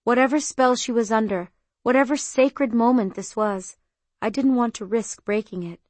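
A woman narrating an audiobook in the first person, in an even, measured reading. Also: on the high side, dry recording. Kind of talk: scripted narration. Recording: very dry close studio sound.

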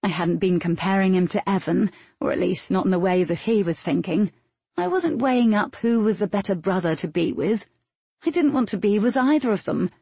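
A woman's voice: mid-range voice, animated, a little fast, creaky, warm tone, slightly rough, no room sound. A woman narrating a first-person novel in a reflective, introspective way. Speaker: audiobook narrator.

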